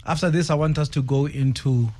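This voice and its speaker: A man's voice: fairly high pitch, steady tone, fairly quick, dark tone. A South African man hosting a radio interview, prompting the guest and summing up her story. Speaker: radio host.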